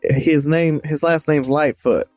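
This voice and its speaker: A man's voice: fairly high pitch, fairly even intonation, takes it slowly, darkish tone, no room sound. Man, player, eager, rambling, dry sound, faint music. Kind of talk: tabletop role-play chat.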